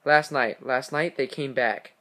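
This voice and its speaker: A man reading the part of a frightened mother who calls the police while hiding in the dark. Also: mid-range voice, steady tone, a little slow. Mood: pleading. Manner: pleading, breathless phone caller.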